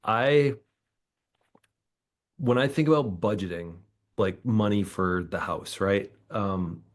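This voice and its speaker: Low-voiced man, halting host. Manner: halting, restarts his sentences while building a question. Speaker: podcast host. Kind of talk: casual interview chat.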